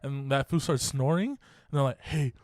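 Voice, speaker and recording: A man's voice: medium pitch, moderate pace, darkish tone, no echo, studio quality. A young man hosting a podcast, telling a story in casual talk, laughing often, swearing, and acting out other people's lines. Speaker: podcast co-host.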